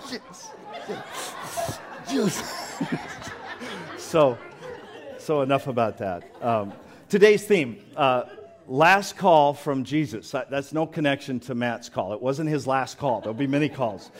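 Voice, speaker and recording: A man's voice: medium pitch, animated, unhurried, a faint crowd. A middle-aged man preaching a sermon as pastor, chatty and joking, with frequent laughs.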